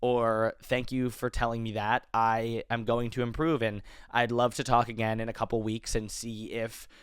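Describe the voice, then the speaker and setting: A man's voice: medium pitch, little pitch movement, normal speed, smooth, dry recording, studio quality. A young man in his twenties hosting an advice podcast, talking casually with lots of fillers and self-corrections. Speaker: podcast host.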